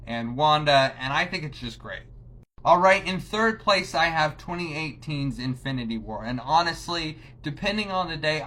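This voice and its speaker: A man casually ranking movies for his channel, enthusiastic and swearing freely in a relaxed chat. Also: mid-range voice. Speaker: movie reviewer.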